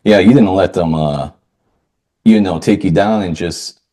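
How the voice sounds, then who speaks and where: A man hosting a podcast interview. He asks questions in a relaxed, loose way with plenty of fillers. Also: low-pitched, a little slow. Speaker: podcast host. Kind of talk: casual interview chat.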